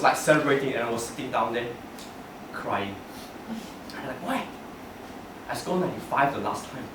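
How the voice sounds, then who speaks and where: A young man giving a humorous prepared speech at a club meeting, telling stories about himself and laughing through his lines. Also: medium pitch. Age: young adult. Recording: echoey room from far off, noisy.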